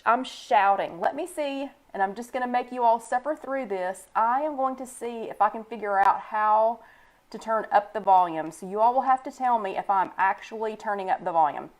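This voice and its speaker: An older woman hosts a casual live stream from home, talking into a desk microphone. She is chatty and relaxed, greeting viewers by name and reading their comments aloud. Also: mid-range voice. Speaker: host of a live online chat. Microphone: new desk microphone.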